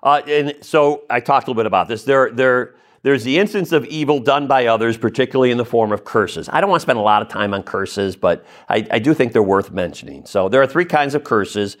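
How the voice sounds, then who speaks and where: A man's voice: mid-range voice, a little fast, few pauses. A man giving a conversational religious teaching, addressing listeners directly with frequent asides and checks like "okay?". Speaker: Catholic teacher or preacher. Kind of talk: spoken teaching talk.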